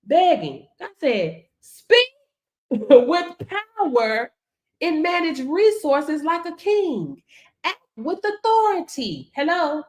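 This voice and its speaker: A woman with a high, bright-pitched voice delivers a motivational faith talk in a preacher-like style. She speaks emphatically, repeats her affirmations in a rhythmic chant and punctuates them with call-outs to her audience. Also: sing-song, slow. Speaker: business coach.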